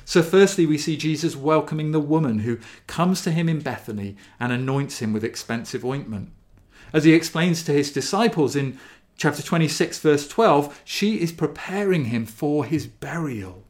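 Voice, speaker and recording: A man preaching a sermon, reading scripture passages in a measured, earnest way. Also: a little high, expressive. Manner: slow, measured and earnest, lingering on key phrases.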